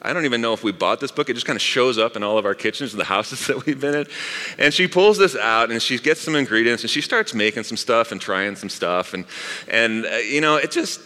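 A man's voice: medium pitch, animated, brisk, sharp tone. Man preaching in a reverberant hall. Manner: conversational preaching with asides to the congregation. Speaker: pastor. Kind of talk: sermon. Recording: long reverb of a large hall.

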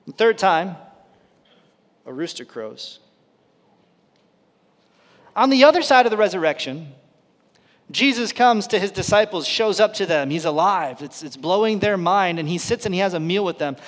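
A male pastor preaching a sermon in an earnest, conversational way, his loudness rising and falling sharply. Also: high-pitched, expressive, moderate pace, pauses often. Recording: long reverb of a large hall.

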